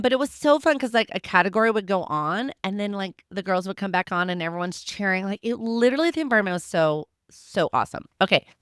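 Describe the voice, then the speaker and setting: A woman in her fifties, a podcast host telling a personal story in a chatty, animated way with many restarts. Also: lowish voice, smooth, dry recording, clean studio sound. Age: 50s. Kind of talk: casual storytelling to listeners.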